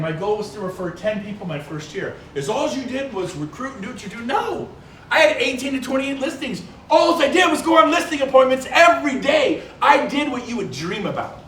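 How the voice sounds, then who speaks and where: A man giving a live business presentation, energetic and quizzing the audience with quick questions. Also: very high voice. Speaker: seminar presenter. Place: large event hall. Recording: echoey hall from far off, faint noise.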